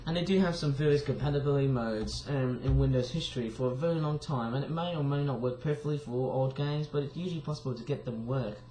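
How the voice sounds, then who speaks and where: A tired young man with a croaky voice, rambling casually through a vlog with lots of fillers and restarts. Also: mid-range voice, fast, darkish tone, slight background noise. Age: young adult. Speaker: vlogger.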